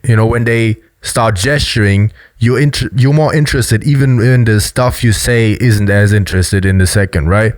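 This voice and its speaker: A man's voice: on the low side, moderate pace, few pauses, no echo. A man giving a loose, explanatory commentary on body language, full of fillers. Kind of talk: casual video commentary.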